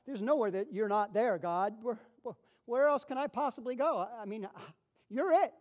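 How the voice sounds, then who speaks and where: Preacher guy, high-ish voice, acts out the bible story, repeats himself a lot. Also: moderate pace. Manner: animated, acts out Bible figures, repeats phrases. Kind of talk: sermon.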